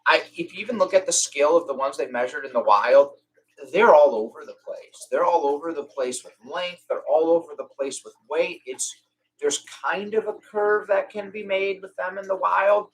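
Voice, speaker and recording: A young man with a bright, forceful voice hosts a casual live-stream Q&A. He talks in a chatty way and acts out little conversations in lively quoted voices. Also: medium pitch, low-quality recording. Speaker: reptile rescue host.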